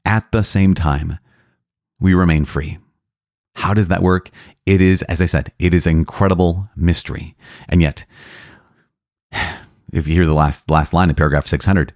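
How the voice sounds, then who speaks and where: A man's voice: a bass voice, steady tone, moderate pace, long pauses, a little mellow, no echo, studio quality. A man, a priest, hosting a teaching podcast, thoughtful and searching for words as he explains.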